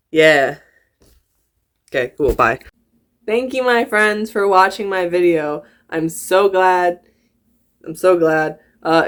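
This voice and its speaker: Giggly rambling vlogger in a put-on country accent. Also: mid-range voice. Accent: put-on American country. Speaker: YouTuber. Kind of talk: casual reaction vlog.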